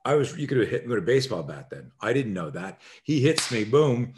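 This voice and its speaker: A man's voice: mid-range voice, very animated, a little fast, background noise. A man, a self-defense expert, telling a story as a podcast guest and acting out the scenes with animation.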